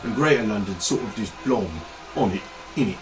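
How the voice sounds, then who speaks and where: A man's voice: lowish voice, a little fast, over music, natural voice, low-quality recording. A man voicing a leering Cockney layabout who mutters and rambles on in slang. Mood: rambling.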